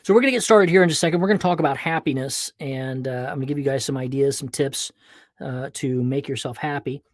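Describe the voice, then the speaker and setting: A man hosting his own podcast, chatting casually with viewers before he records, then talking in a playful, animated way. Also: mid-range voice, quick pace, no room sound, studio quality. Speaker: podcast host. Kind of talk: casual livestream chat and podcast monologue.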